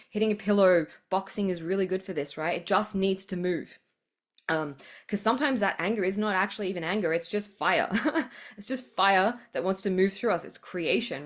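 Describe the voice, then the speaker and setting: A woman hosting a podcast, giving a rambling spiritual monologue, full of fillers and blunt swearing. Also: on the low side. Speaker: podcast host.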